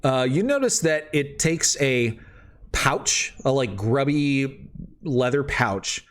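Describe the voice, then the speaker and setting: Male game master, loose rambling narration, animated pitch. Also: slow pace.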